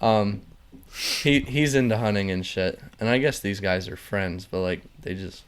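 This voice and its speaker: A man's voice: on the low side, moderate pace, clear, resonant tone. A young man hosting a casual podcast chat, telling rambling, profane work stories full of likes. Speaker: podcast host.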